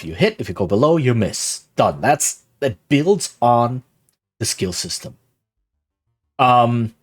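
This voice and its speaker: A man streaming live, casually explaining something and often asking "right?" as he goes. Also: mid-range voice. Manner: rambling, keeps asking "right?".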